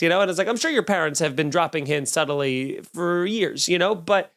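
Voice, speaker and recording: A man's voice: on the high side, lively intonation, a little fast, fairly bright tone. A young man hosting his own comedy podcast, telling a story with lots of fillers and acted-out quotes. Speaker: podcast host and stand-up comedian. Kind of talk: solo comedic storytelling rant.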